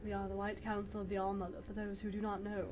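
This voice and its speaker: Woman doing a robed council leader, formal, measured, solemn, tabletop game. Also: medium pitch, completely flat delivery, background noise, lightly acted.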